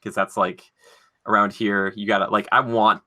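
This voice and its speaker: Bright-voiced man in casual podcast chat. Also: fairly low pitch, level tone. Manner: rambling, filler-heavy, quick to laugh. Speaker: podcast co-host.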